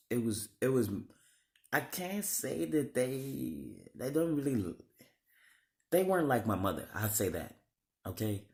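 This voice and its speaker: A man in his thirties telling his life story to camera, halting and rambling with many restarts and blunt swearing. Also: low-pitched, darkish tone. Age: 30s. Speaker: vlogger.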